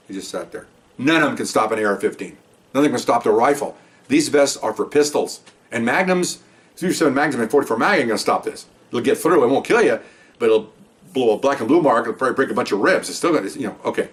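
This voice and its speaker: A man's voice: medium pitch, fast talker, distant mic. An older man, a retired police supervisor, telling his own stories in a podcast, acting out dialogue and tossing in rhetorical questions. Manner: animated storyteller who acts out dialogue and asks rhetorical questions. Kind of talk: podcast storytelling.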